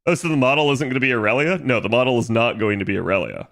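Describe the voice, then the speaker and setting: This young man streams from home, his mid-range voice animated, rapid-fire, creaky and fairly bright. He rambles casually to viewers, piling on fillers and reading out chat messages.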